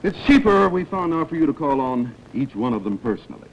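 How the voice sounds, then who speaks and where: Lively game show host man, noisy broadcast. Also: medium pitch, brisk, lo-fi sound. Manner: lively, chatty, animated. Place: television studio. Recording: old noisy broadcast with studio audience.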